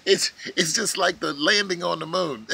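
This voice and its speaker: A man ranting casually in a vlog from his porch, animated and mocking, often laughing. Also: high voice, creaky, slightly rough. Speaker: vlogger. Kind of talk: casual opinion rant.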